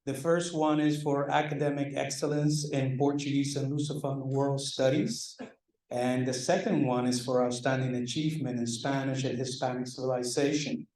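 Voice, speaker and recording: A man's voice: mid-range voice, fairly even intonation, moderate pace, darkish tone. A man, a department chair, presents student awards at a banquet in a loose, joking, self-deprecating way. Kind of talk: ceremony speech. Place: large banquet hall. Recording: echoey hall, mic far off.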